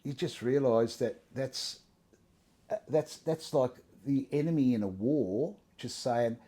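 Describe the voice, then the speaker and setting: Middle-aged man, mellow tone, earnest, chatty interviewee. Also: mid-range voice, slow pace, slightly rough. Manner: earnest, conversational, frequent restarts and "you know". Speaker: interviewee sharing his testimony. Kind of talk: casual interview.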